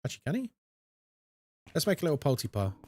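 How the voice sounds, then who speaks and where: A young man streaming a horror game, chatting with his viewers in a jokey, animated way. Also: on the high side, quick pace, a little hiss or hum. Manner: animated and chatty, reads chat aloud, jokey asides. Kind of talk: casual live-stream chat while gaming.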